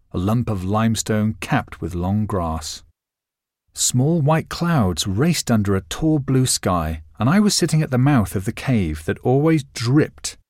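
Man reading a story aloud, lively sing-song delivery, dry close recording. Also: fairly low pitch, no echo. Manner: vivid, expressive storytelling. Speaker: narrator. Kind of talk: scripted first-person story reading.

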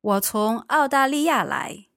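A woman's voice: on the high side, lively intonation, unhurried, fairly bright tone, no echo, clean studio sound. A native Mandarin-speaking woman co-hosting a language lesson, giving careful model pronunciations. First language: Mandarin Chinese.

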